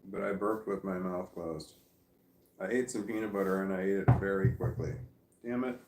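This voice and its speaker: A man's voice: sits low, normal speed, echoey room, noisy background. A sleepy man rambling chattily at home, talking casually to the camera. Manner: meandering, chatty, self-amused. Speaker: vlogger. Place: at home with his dog.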